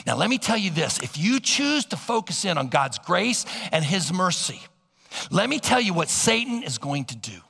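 A male pastor preaching a sermon, swinging from loud emphasis to soft, low asides. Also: sing-song, moderate pace, creaky, husky, big-room sound.

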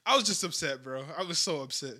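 Bright-voiced young man telling stories. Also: fairly high pitch, fast. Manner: animated, profane storytelling. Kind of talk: casual chat.

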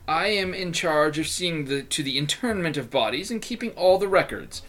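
A man doing a grim, dour priest who keeps the dead, voice pushed low and flat, slow and heavy with every word, the solemn graveyard keeper of a tabletop game, a bright tone left in the sound, as the game master puts him on. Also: slight background noise. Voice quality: deep low monotone.

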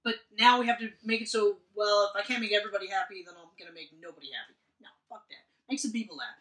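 A man talks through a film he watched in a loose, rambling way, swearing often and slipping into little voices for the characters. His voice has an even, middle pitch. The sound is roomy and distant, as though he is sitting well back from the mic. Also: fast. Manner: profane, rambling, acts out scenes. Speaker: podcast co-host. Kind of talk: casual movie discussion. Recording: echoey room, mic at a distance.

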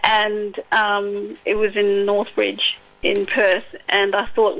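An Australian woman with a bright, clear-edged voice, speaking as a poet guest. She reads her verse steadily, then talks in a soft, halting way full of ums and restarts. Her pitch sits at an everyday middle level. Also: little pitch movement, rough recording. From Western Australia. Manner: soft-spoken, hesitant with many fillers when chatting. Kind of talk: poetry reading and casual interview chat.

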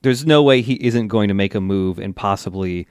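A man's voice: on the low side, moderate pace, darkish tone, clear, resonant tone, no echo, studio quality. A man co-hosting a casual podcast, recapping an anime in a laid-back way, laughing often and leaning on loose fillers. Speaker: podcast co-host.

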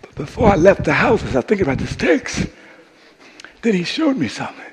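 High, bright preaching pastor, husky edge. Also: male voice, wildly swooping pitch, a little fast, in a large hall. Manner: preaching with rising shouts and call-and-response. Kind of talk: sermon. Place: church sanctuary.

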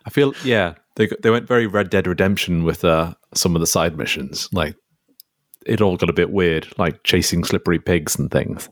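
A man co-hosting a podcast in relaxed, casual comedic chat. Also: low voice, normal speed, dry recording, clean studio sound. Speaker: podcast co-host.

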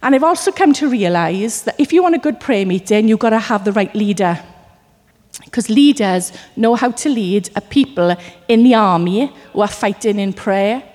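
A woman from Wales preaching a sermon, telling stories with lively acted asides. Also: medium pitch, normal speed, in a large hall. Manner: animated storytelling with acted asides.

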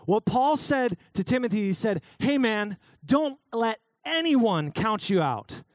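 A man's voice: high voice, very animated, a little slow, dry recording, clean studio sound. A young adult man preaching a casual, joking youth sermon, calling out listeners by name. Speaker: youth pastor.

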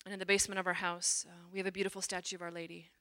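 A woman's voice: on the low side, rapid-fire. A middle-aged woman, a religious sister, giving a personal testimony talk and acting out the quotes with animation. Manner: animated storyteller, acts out quotes.

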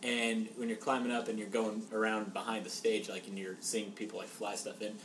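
A man's voice: on the low side, flat delivery, fairly quick, fairly bright tone. Rambling man contestant in an echoey room. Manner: rambling, loose storytelling. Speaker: quiz contestant. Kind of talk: casual chat. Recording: roomy, distant mic with noise.

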